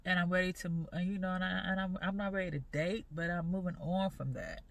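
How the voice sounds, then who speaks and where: A woman in her forties talking earnestly in a personal faith vlog, halting and repeating her phrases as she goes. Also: lowish voice, steady tone, vocal fry. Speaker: vlogger.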